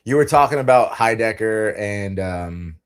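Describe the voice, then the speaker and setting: Male co-host with a lowish voice, easygoing and slangy in casual stream chat. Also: expressive, unhurried, smooth. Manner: laid-back, slangy ("bro", "dude").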